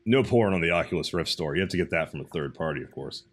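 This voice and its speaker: A man co-hosting a casual podcast, ranting in an animated, profane way. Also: sits low, quick pace. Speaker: podcast co-host. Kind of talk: casual chat.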